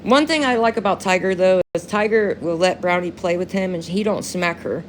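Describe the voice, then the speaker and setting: A woman's voice: on the low side, normal speed, a little hiss or hum. A young woman chatting casually on a phone live stream, slangy and profane, often breaking into laughter while answering viewers.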